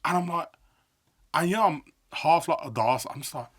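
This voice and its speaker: A middle-aged man, a guest on a podcast telling a story in a lively chat, acting out quoted voices. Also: fairly high pitch, normal speed. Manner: animated storyteller, acts out quotes. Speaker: podcast guest, sports broadcaster.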